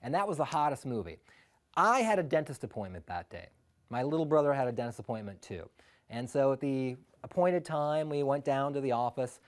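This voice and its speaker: A man telling a personal story live, animated, often laughing and acting out the quotes. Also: mid-range voice, fairly quick.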